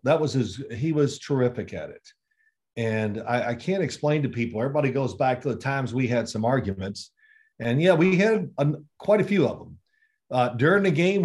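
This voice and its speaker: Guest spot: man in his 60s, ex-quarterback, lively storyteller who plays out quoted dialogue. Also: medium pitch. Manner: animated storyteller, acts out quoted exchanges. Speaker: former NFL quarterback guest. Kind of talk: casual interview storytelling.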